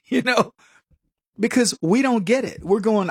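Animated high-voiced male political commentator. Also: a little slow, breathy edge, no echo, studio quality. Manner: animated and sarcastic, with frequent restarts; laughs at his own jokes. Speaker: host of a political talk show. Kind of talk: casual political commentary monologue.

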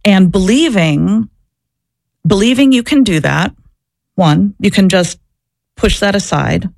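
Halting, reflective woman with gravelly edge. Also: mid-range voice, a little mellow, no room sound. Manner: halting, repeats words and restarts often, reflective. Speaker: interview guest, former abortion clinic worker. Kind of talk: candid personal storytelling in conversation.

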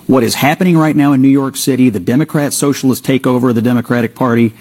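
A man's voice: medium pitch, fast, husky. A man giving argumentative commentary on a cable news panel. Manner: forceful, argumentative. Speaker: political commentator.

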